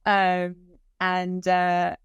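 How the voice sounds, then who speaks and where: A woman's voice: fairly low pitch, drawn-out words, clean tone, dry recording, muffled recording. A woman telling the emotional story of searching for her lost dog, acting out the dialogue as she goes. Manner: animated retelling with quoted dialogue, voice lifting when moved.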